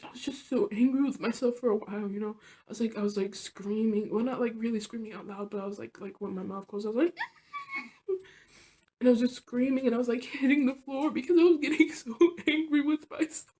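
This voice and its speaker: A woman telling a personal story on her vlog, rambling and confessional, filling her talk with "like" and "you know" and often sinking soft and low. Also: steady tone, fast talker. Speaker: vlogger.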